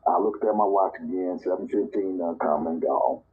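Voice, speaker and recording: A man from Nebraska tells a personal story in a relaxed, conversational way, his voice sitting a little low. When he quotes people he jumps up into higher, livelier voices. The sound is thin and tinny, like a phone line. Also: moderate pace. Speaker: storyteller in a live audio chat.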